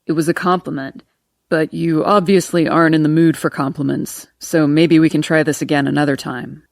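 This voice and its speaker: Audiobook: woman reading a cocky young male cop, low and teasing, dry close recording. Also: flat delivery, a little fast, vocal fry, no echo.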